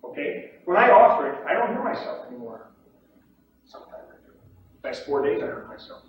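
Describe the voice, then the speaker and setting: A man teaching trading to a room of trainees, lively, acting out the shouts and voices of traders on the floor. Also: fairly high pitch, a little fast. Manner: animated, acts out pit shouts and mimics other traders. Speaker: trading instructor. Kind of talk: lecture to trainees. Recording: distant echoey room, dull lo-fi tape with faint hiss.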